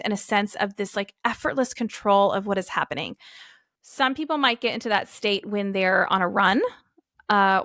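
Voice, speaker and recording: On her solo podcast, this thirties-aged host keeps things casual, upbeat, and chatty, frequently voicing the things her family says. She speaks at medium pitch with a slightly bright tone. The sound is clean studio audio with no echo.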